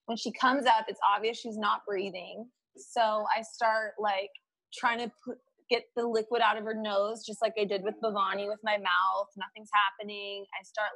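A woman guest telling a story in a casual, animated way, laughing often and quoting her own thoughts aloud. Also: mid-range voice, no room sound, rough recording. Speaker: podcast guest.

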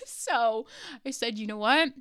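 A woman hosting a podcast, telling a personal story in an animated way, laughing often and swearing casually. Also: sits high, takes it slowly, no echo, clean studio sound. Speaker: podcast host.

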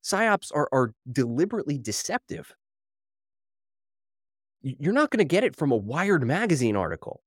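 A male podcast host giving solo commentary, reading headlines aloud with wry, animated disbelief and sounding slightly out of breath from caffeine. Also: a little high, normal speed, pauses often, husky, dry recording, studio quality.

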